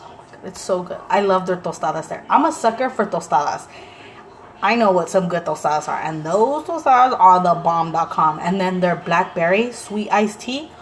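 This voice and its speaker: A young mother of two vlogs straight to her viewers in a lowish voice, chatty and blunt, swearing freely without a second thought. She acts out what her family said with lively energy, and faint room noise sits beneath her voice.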